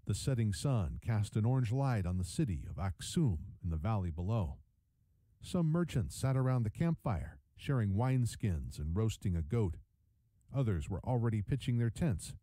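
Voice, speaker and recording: Man narrating a game story, lively and dark. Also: dry recording, low-quality recording. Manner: measured storytelling with lively pitch. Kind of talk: scripted game cutscene narration.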